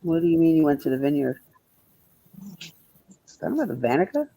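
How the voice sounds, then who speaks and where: A man's voice: on the high side, big pitch swings, fairly quick, creaky, warm tone, rough recording. Blunt, profane man livestreaming. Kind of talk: casual livestream chat answering viewers.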